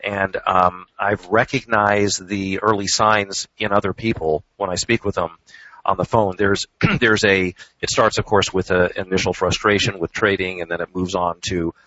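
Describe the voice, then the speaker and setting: A man talking in a measured, reflective and candid way as a regular on a radio show. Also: sits low, steady tone, pushed and bright, no room sound. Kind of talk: casual radio talk. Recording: dull, dry radio sound.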